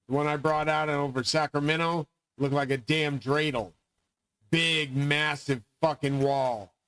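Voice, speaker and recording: A man's voice: a little high, steady tone, measured pace, a bit bright, smooth, low-quality recording. A middle-aged man delivering a rambling, profane, grandiose monologue as host of his own channel.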